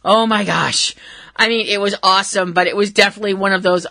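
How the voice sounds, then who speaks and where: A woman's voice: medium pitch, fairly even intonation, fairly quick, sharp tone, dry recording. A woman hosting a wrestling podcast, recapping a match in a giggly, irreverent way, with casual swearing.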